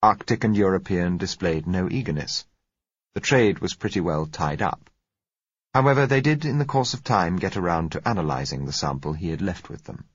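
A man reading a novel aloud in an even, measured storytelling manner. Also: low voice, husky, no room sound, highs cut off. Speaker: audiobook narrator. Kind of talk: scripted narration.

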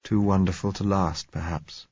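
A man voicing a gentle husband who speaks tenderly and quietly. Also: sits low, normal speed, breathy edge, no echo, lo-fi sound. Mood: tender soothing. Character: gentle man leading his wife to death.

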